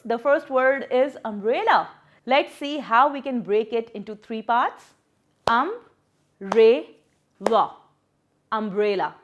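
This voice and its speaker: A woman teacher walks young pupils through a lesson. Her voice sits a little high and rises and falls with animated energy. She stretches words out slowly, clapping them apart syllable by syllable. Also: dull audio. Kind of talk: children's English lesson.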